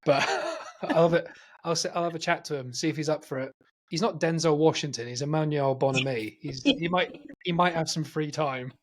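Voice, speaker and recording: Man, podcast host, casual banter, rambling jokes, higher pitch. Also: fairly quick, a little hiss or hum. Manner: jokey, rambling storyteller.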